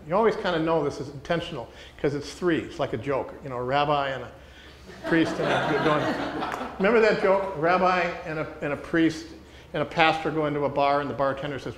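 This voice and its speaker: A man teaching a small group how to read scripture closely, speaking deliberately and repeating key words for emphasis while asking the room questions. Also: a little high, a bit bright, slight background noise. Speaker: teacher leading a workshop for pastors. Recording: echoey room with faint ambience.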